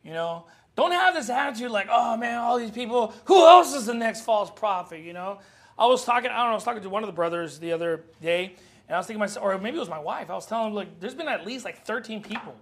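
A man preaching a sermon as pastor, animated and joking, acting out scenes from the Bible. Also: high-pitched, fast talker.

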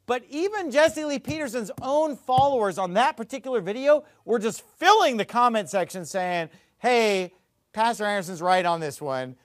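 A man's voice: very high voice, no echo. A man preaching a sermon as a pastor, emphatic and argumentative.

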